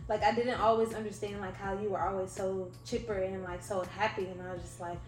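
A woman hosting a podcast, talking casually in a rambling, animated way with lots of fillers. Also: medium pitch, a little fast, a little hiss or hum. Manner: rambling, animated, heavy use of "like". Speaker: podcast host. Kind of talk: casual interview chat. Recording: echoey room, faint music.

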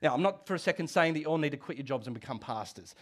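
Middle-aged man, pastor preaching a sermon, high-pitched voice, animated and conversational, frequent restarts. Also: racing.

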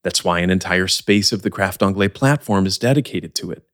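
A man teaching English as the host of a scripted podcast lesson, speaking in a clear, measured, explanatory way. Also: sits low, a bit bright.

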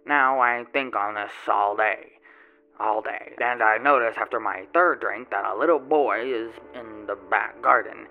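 A man's voice: on the low side, a little slow, vocal fry, narrow, tinny audio. A man playing a boastful, grubby male tomato grower, telling his tale in a rambling folksy way with odd grammar, in a first-person character monologue. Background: music.

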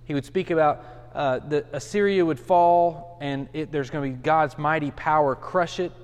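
A man's voice: fairly high pitch, normal speed, clear, resonant tone. Earnest forty-year-old man teaching in a reverberant room. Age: 40s. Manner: casual and earnest, with many restarts and fillers. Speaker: pastor. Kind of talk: Bible study teaching. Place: pastor's study. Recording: long hall reverb.

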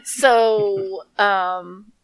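A woman in casual podcast chat, telling a story with lots of swearing and laughter. Her voice sits at a middle pitch for a woman. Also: very slow, clean tone. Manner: animated storytelling, swears often, laughs a lot. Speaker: podcast co-host.

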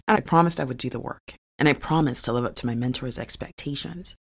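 A woman's voice: a bass voice, brisk, gravelly, fairly bright tone, slightly rough. A middle-aged woman, a physician and researcher, telling a personal story in an earnest, confessional way with small laughs.

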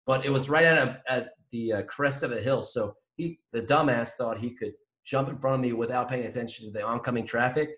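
A man in his twenties co-hosts a casual podcast, telling a long story in an animated way and swearing freely. His voice sits at a middling pitch. The room around him is echoey. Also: brisk, few pauses. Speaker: podcast co-host. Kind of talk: casual chat.

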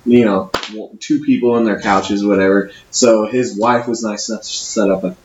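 A man's voice: fairly low pitch, fairly even intonation, normal speed, darkish tone, slight background noise. A man guest on a casual podcast, laid-back and laughing often as he tells stories. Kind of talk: casual chat, storytelling. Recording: echoey room, dull lo-fi sound.

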